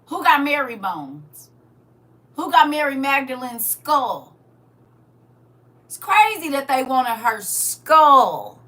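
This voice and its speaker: In a casual livestream, a woman with a high voice reads scripture aloud and comments on it preachily, full of rhetorical questions. Her volume swings from loud to quiet, and she's recorded from a distance.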